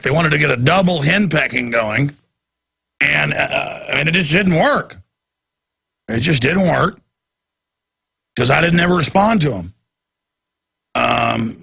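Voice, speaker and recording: A man's voice: fairly high pitch, vocal fry, sharp tone, husky, dry recording. A man hosting a talk show, ranting in a heated, repetitive and sarcastic way. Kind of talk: ranting talk radio monologue.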